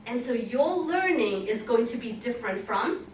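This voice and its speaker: A woman's voice: fairly high pitch, animated, moderate pace. A woman giving a motivational talk at a conference, speaking with emphasis and putting questions to the audience. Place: conference room. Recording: echoey hall, voice from a distance, faint hiss.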